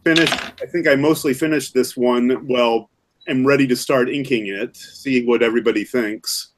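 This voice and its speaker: A man chatting casually on a video call, halting and restarting with many "uh"s. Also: medium pitch, fairly even intonation. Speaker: artist in an online drawing group. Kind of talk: casual chat while drawing. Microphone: video call mic.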